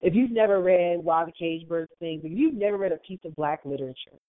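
A woman from Maryland, USA, co-hosts a podcast in casual chat, her lowish voice moving a little fast. She's an animated storyteller who acts out other people's lines in changed voices. The sound is dry and tinny, like a phone, with no echo.

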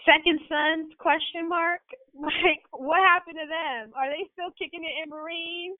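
A woman with a notably high voice chatting casually, animated and quick to laugh as she acts out quotes. Her voice comes through a narrow, phone-like line. The sound is dry, with no room echo. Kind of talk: casual chat.

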